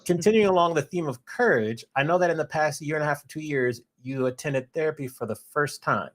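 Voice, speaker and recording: A woman's voice: low-pitched, brisk, slight background noise. A woman hosting a podcast, asking follow-up questions in an encouraging, casual way. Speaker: podcast host. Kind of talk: casual interview chat.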